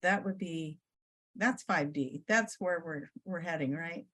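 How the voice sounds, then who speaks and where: A woman's voice: lowish voice, measured pace, fairly bright tone. A woman guest on a podcast, chatting casually and upbeat, promoting an event in a rambling way. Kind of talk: casual chat.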